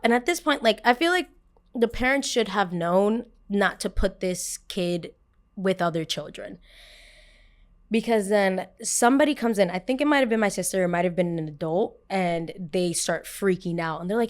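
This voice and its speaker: A woman hosting a podcast, telling a personal story with animated, dramatic delivery that swings from soft asides to loud bursts. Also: medium pitch, moderate pace. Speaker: podcast host.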